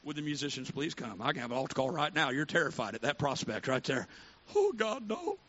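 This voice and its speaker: A male pastor preaching a fervent sermon that swings from hushed to shouting. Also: a little high, very animated, fairly quick. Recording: dull lo-fi with faint hiss.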